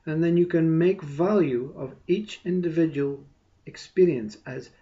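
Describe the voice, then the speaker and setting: A man giving a meditative spiritual talk, soft and unhurried, with long pauses and a repeated "you see". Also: a little high, dull audio. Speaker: spiritual teacher.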